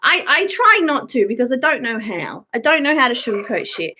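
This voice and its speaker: Fired-up high-voiced woman ranting. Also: very animated, brisk, bright, forceful tone. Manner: blunt, profane and fired-up, answering viewer comments. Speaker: YouTuber live-streaming to chat. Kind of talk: casual ranting live-stream chat.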